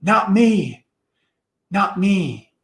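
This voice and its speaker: A man doing shrill, frightened young boys. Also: sing-song, slow, fairly bright tone, exaggerated voice. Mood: pleading. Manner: high, pleading cries. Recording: echoey room.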